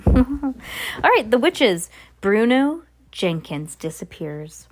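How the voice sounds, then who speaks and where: A woman's voice: fairly high pitch, lively intonation, slow. A woman reads a children's novel aloud at an easy pace. She breaks off for chatty asides and restarts words freely. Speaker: reader. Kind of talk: casual reading of a novel aloud.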